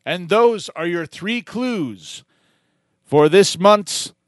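A man hosting a radio show, chatting casually in a jokey, animated way and laughing often. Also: sits high, very slow, dry recording, clean studio sound. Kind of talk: casual on-air chat.

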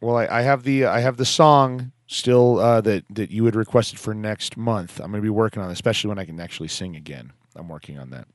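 A man's voice: fairly low pitch, no room sound. Male call-in host, upbeat and jokey, dry studio sound. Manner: jokey, upbeat, quick asides. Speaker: talk show host. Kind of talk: casual radio chat.

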